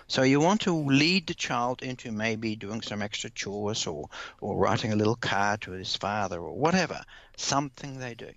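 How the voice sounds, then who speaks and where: A man answering interview questions in a measured, earnest way, often repeating words as he explains. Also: on the low side, animated, creaky, a bit bright, no room sound. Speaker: parenting expert guest. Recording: dull lo-fi dry recording.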